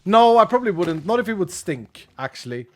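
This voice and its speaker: Guy streaming a game, kinda high voice, rambles and laughs a lot. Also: big pitch swings, fairly quick, background noise. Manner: chatty, rambling, laughs often. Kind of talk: casual gaming commentary.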